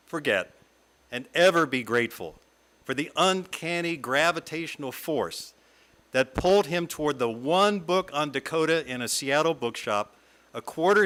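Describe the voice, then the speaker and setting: A middle-aged man from the American South, a guest speaker giving a reflective talk read from a script in a lyrical, measured way. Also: fairly high pitch, a bit bright. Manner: lyrical, measured reading with long lists. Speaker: guest speaker at a fellowship service.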